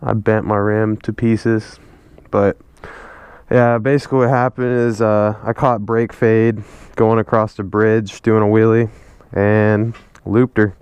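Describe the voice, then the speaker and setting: A man's voice: lowish voice, level tone, measured pace, darkish tone, clean tone, no room sound. A man chatting casually in a slangy, laid-back way as he narrates a vlog from his garage workshop. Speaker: motorcycle vlogger.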